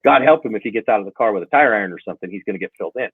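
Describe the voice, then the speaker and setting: A middle-aged man races through stories as a guest in a casual self-defense channel interview, his lowish voice breathy at the edges. He animatedly acts out each exchange of dialogue. The recording is tinny and phone-like, dry and echo-free.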